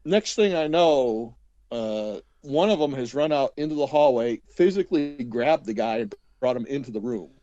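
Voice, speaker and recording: A man's voice: medium pitch, lively intonation, normal speed, warm tone, dry recording, dull audio. A man casually telling a long story as an interview guest, rambling with many fillers and acting out quotes.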